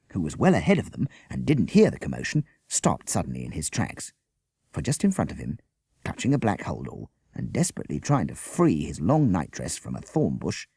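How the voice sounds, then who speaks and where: Lively, gravelly male storyteller. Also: low-pitched, no room sound, studio quality. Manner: lively, expressive reading. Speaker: audiobook reader. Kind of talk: storybook narration.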